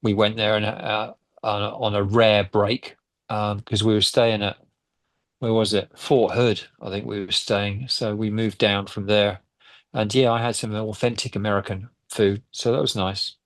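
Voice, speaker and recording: Rambling man with a low voice. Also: level tone, moderate pace, dry recording. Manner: rambling, hesitant, friendly. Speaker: podcast host. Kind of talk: casual podcast chat.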